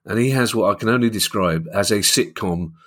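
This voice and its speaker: A man's voice: on the low side, brisk, fairly bright tone. A man with a London accent co-hosting a football finance podcast, chatting casually and telling jokey stories. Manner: jokey, anecdotal. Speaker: podcast co-host. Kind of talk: casual chat.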